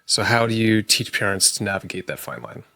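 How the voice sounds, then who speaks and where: A man co-hosting a podcast, putting relaxed, casual questions to his guest. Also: on the low side, brisk, gravelly, dry recording, clean studio sound. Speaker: podcast co-host.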